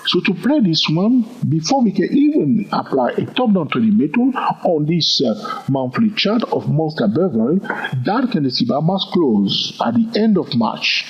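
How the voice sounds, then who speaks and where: Guy walking through trading charts, husky voice, really lively pitch, dull lo-fi sound. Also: moderate pace. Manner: counts moves aloud, keeps checking in with "all right?". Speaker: trading instructor. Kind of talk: chart walkthrough lesson. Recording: dull lo-fi recording.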